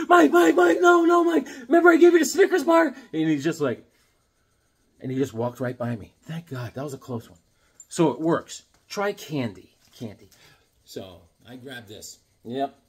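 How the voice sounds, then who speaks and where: This man's voice leans high, a bit mellow and husky, as he chats about his comic collection. He's jokey and rambling, using fillers and adopting put-on voices in his anecdotes.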